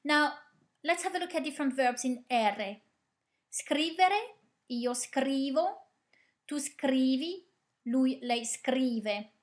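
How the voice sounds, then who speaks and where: Slow, patient woman teaching verbs. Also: sits high, expressive. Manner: repeats drills patiently, asks the class questions and praises. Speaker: language teacher. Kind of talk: slow, clear conjugation drill with explanations.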